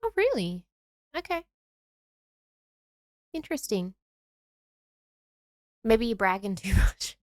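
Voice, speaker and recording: A woman co-hosting a podcast, giggling often and reacting with playful quick interjections. Her voice sits a little high. The recording is close and dry. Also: big pitch swings, a little mellow, dry recording. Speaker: podcast co-host. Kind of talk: casual chat.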